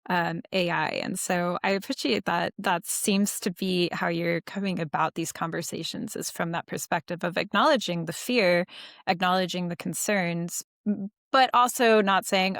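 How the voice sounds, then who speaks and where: Woman, podcast host, lowish voice, measured and thoughtful, dry sound. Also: fairly bright tone, no room sound. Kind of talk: casual podcast conversation.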